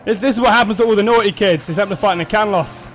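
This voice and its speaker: A man commentating on his own gameplay, excitable, swearing, shouting and laughing at the action. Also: high-pitched, rapid-fire, a little hiss or hum, poor audio. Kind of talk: let's play commentary.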